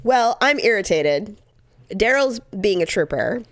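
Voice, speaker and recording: A woman co-hosting a podcast in casual chat, hoarse from a cold, chatty and self-mocking. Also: mid-range voice, animated, measured pace, no room sound, clean studio sound. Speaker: podcast co-host.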